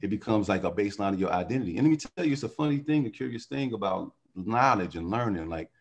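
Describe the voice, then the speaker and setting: A man's voice: fairly low pitch, lively intonation, fast, dull audio. A man talking as a podcast guest in casual conversation, riffing animatedly and philosophically on word origins.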